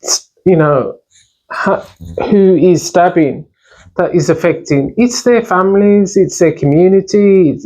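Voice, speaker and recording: A woman's voice: fairly low pitch, a little mellow, low-quality recording. A woman co-hosting a podcast, speaking earnestly and emphatically in casual talk. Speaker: podcast co-host. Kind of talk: casual discussion.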